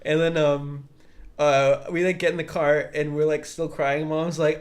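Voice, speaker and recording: A man's voice: a little high, little pitch movement, unhurried. A young man co-hosting a podcast, telling a childhood story in casual chat and acting out the voices he quotes. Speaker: podcast co-host.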